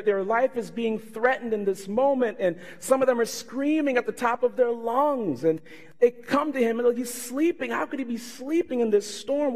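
A man pastor preaching a sermon, telling stories animatedly and acting out the people in them. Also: high-pitched. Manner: animated storytelling with voiced impressions. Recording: reverberant hall.

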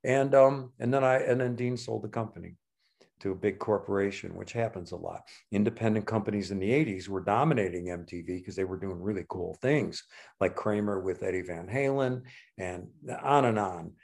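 An older man in his sixties recounting stories from his past with a lively, storytelling manner. He jumps into the voices of the people he quotes, keeping the chat loose and conversational. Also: lowish voice, a little fast, gravelly. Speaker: guest. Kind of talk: casual storytelling.

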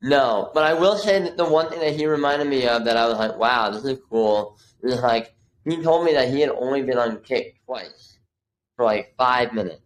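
A man's voice: mid-range voice, animated, moderate pace, poor audio. A man in his thirties, a podcast guest and videographer, telling a story casually and acting out the quotes, with many "like" fillers.

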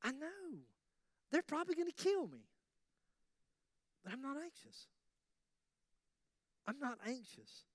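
A preacher voicing a calm imprisoned apostle. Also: male voice, extremely high pitch, slow, long pauses, no room sound, studio quality, pitched above the performer's own voice, exaggerated voice. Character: calm imprisoned apostle, middle-aged man, unafraid.

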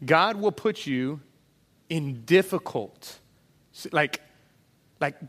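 A man preaching a sermon in a lively way, acting out voices of the people in the story as he goes. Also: on the high side, very slow, long pauses. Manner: animated, acts out voices of disciples and Jesus. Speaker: pastor. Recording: long hall reverb.

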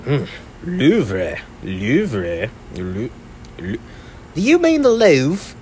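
A man's voice: medium pitch, huge pitch swings, very slow, darkish tone, a little hiss or hum, pitched above the performer's own voice, full character voice. A man voicing a helpful, amused British man abroad, in an exaggerated attempted British accent. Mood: amused, correcting.

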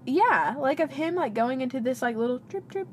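A woman's voice: high voice, normal speed. A young woman co-hosting a podcast, chatting casually and telling stories with laughter. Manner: animated, laughing, playful storytelling. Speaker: podcast co-host. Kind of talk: casual chat. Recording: background noise.

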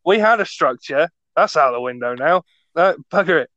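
A man's voice: fairly high pitch, animated, moderate pace, sharp tone, dry recording. A British man co-hosting a casual podcast chat, ranting sarcastically and peppering his talk with "mate" and "right?". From Britain. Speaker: podcast co-host. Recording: slightly dull lo-fi audio.

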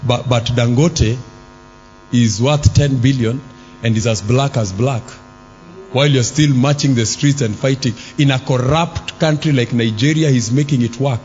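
A man's voice: mid-range voice, moderate pace, lo-fi sound. Man preaching in a reverberant hall. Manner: rhetorical questions to the congregation, bursts of shouting. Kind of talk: sermon. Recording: long hall reverb with faint music.

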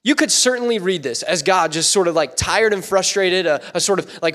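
A man preaching a sermon in a church, animated and playful, acting out voices in quotes. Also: high-pitched, moderate pace. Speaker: pastor.

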